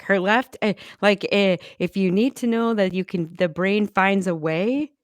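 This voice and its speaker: A woman's voice: mid-range voice, measured pace, no room sound, clean studio sound. A woman co-hosting a casual podcast chat, a former speech pathologist who laughs often and trails off mid-sentence. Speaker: podcast co-host.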